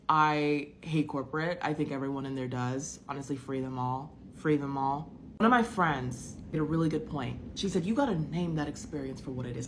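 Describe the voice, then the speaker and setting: A woman who quit her corporate job, talking in a blunt, profane, animated rant. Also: low voice, moderate pace, slight background noise. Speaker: ex-corporate worker. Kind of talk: casual social video rant.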